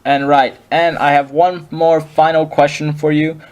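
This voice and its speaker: A man hosting a casual interview, speaking hesitantly and filling his pauses with ums. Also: on the high side, level tone. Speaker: host.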